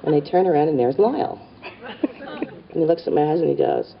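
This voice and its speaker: A woman's voice: low voice, lively intonation, brisk, vocal fry, pauses often, slightly rough. A middle-aged woman telling a stand-up comedy story in a wry, conspiratorial way, full of asides. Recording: distant, dull live stage recording with audience and noise. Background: audience laughter.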